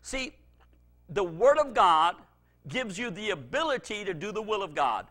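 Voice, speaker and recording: A man's voice: high-pitched, big pitch swings, a little slow, sharp tone. A middle-aged male pastor preaching a fervent sermon, repeating phrases for emphasis.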